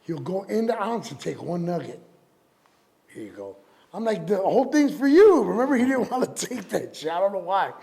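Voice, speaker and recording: Man, high gravelly voice, lively swooping delivery, profane storyteller. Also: normal speed. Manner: profane, acts out quoted voices. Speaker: rapper and DJ guest. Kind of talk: animated storytelling interview.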